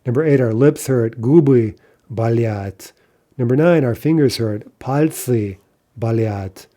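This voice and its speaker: Taking the listener through examples step by step, a man teaches an online language lesson, methodically checking in with "right?" and "okay". He speaks at a measured pace in a mid-range voice with a dark tone.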